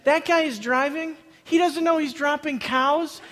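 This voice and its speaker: A man with a notably high voice spins a comic tale for a crowd, words tumbling out between bursts of laughter and quick restarts. His voice rings out in a big hall with a long, lingering reverb. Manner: laughs often mid-sentence, excited, repeats words. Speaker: speaker telling a story to a live audience. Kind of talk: animated personal storytelling.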